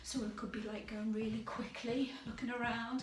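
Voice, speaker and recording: A woman leading a drama warm-up video, chatty and lively, calling out game commands with energy. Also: fairly high pitch, fairly quick, few pauses, distant mic, slight background noise. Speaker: drama workshop leader. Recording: echoey room, voice away from mic.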